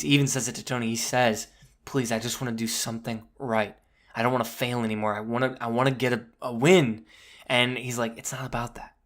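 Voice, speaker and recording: A young man hosting a podcast, talking excitedly and casually about a film, swearing freely and acting out the quoted lines. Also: mid-range voice. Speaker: podcast host. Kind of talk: excited casual movie review monologue.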